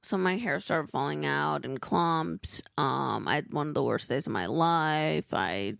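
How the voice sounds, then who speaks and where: A woman's voice: low voice, a little slow, creaky, no echo, studio quality. A woman co-hosting a podcast, telling stories in a rambling, emotive way. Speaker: podcast co-host. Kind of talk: casual chat.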